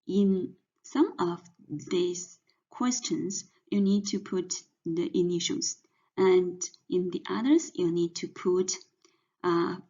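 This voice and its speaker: A Chinese language teacher patiently spells out each pinyin sound and then blends them together to teach pronunciation. Her voice is lowish, dark, and slightly rough, and the lo-fi audio sounds dull and muffled.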